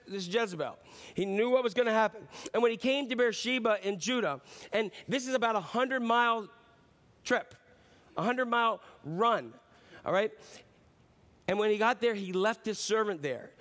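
A pastor preaching a sermon, retelling a Bible story with animated, playful storytelling. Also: male voice, high-pitched. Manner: animated storytelling, slipping into playful character voices.

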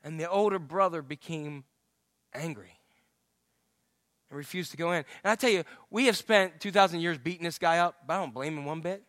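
A middle-aged male pastor delivers a sermon, swinging from hushed lines to loud acted-out shouts. His voice sits high and sounds bright. The sound is dry and close. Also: a little fast, no echo. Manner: animated storytelling, acts out the father's voice.

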